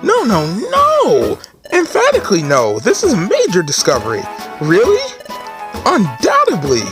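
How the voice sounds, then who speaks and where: A man's voice: high-pitched, huge pitch swings, normal speed, music in the background, pitched above the performer's own voice. A man voicing a fussy, pompous male bird who serves as a guild assistant, talking in a prim, officious, lecturing way.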